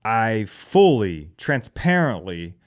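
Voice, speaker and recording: A man's voice: fairly low pitch, sing-song, slow pace. A man hosting a podcast in a casual comedic monologue, profane, sarcastic and self-deprecating. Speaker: podcast host.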